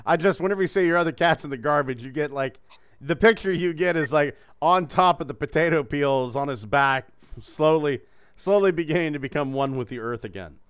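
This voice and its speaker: A man's voice: fairly high pitch, a little fast, fairly bright tone, smooth, no echo, clean studio sound. A man hosting a casual podcast, joking, swearing and laughing often. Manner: profane, joking, laughs a lot. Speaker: host.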